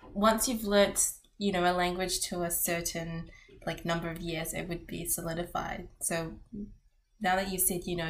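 A woman's voice: lowish voice, vocal fry, fairly bright tone. A woman chatting casually as a podcast co-host, easygoing and curious, with plenty of fillers. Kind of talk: casual chat.

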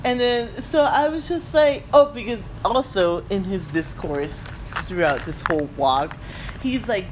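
A woman telling a story in casual chat, animated, laughing and mimicking others. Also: mid-range voice, unhurried, noisy background.

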